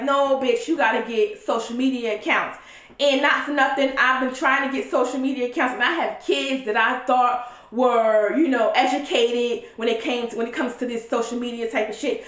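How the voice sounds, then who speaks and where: A woman's voice: a little high, echoey room, dull audio. A woman talking straight to camera in a casual vlog, blunt and profane, full of strong opinions. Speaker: vlogger reviewing a reality show.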